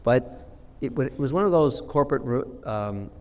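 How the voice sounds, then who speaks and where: A man's voice: mid-range voice, lively intonation, normal speed, a little mellow, long reverb tail. A man in his sixties telling blunt, emphatic anecdotes as an investor guest in an interview. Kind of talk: storytelling interview answer.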